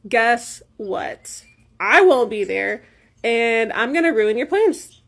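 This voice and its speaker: A woman's voice: on the high side, animated, takes it slowly, a bit bright. A woman delivering a sarcastic, scheming selfie video rant.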